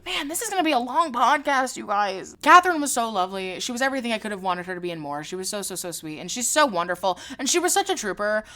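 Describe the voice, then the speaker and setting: A woman's voice: a little high, big pitch swings, fast talker, hardly any pauses, sharp tone. A young woman hosting her own podcast, chatting casually, laughing often and swearing freely. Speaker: podcast host. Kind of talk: casual chat.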